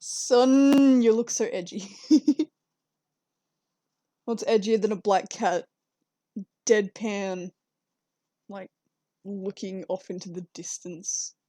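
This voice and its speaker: Young woman streamer, casual and giggly, unhurried delivery, dry close mic. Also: mid-range voice, fairly even intonation, warm tone, no echo. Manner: rambling, giggly, talks to her cats. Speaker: streamer drawing fan art. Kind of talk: casual chat while drawing.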